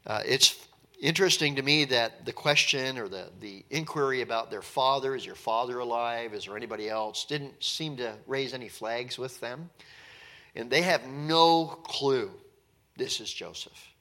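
A man's voice: mid-range voice, normal speed, bright, forceful tone. A man teaching from the Bible verse by verse, reading scripture aloud and then explaining it in plain, conversational talk. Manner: acts out the characters' speech in a conversational way.

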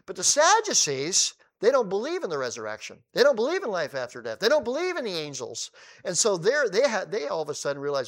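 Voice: medium pitch, fast talker. A preacher giving a conversational Bible teaching, acting out the scenes in everyday paraphrase and driving points home through repetition. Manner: retells scripture scenes in lively, acted-out paraphrase; emphatic repetition.

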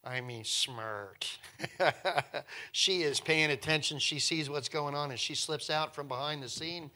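Animated, bright-voiced male preacher. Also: a little high, measured pace. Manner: animated storytelling, swinging from hushed to loud, repeats words. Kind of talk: sermon.

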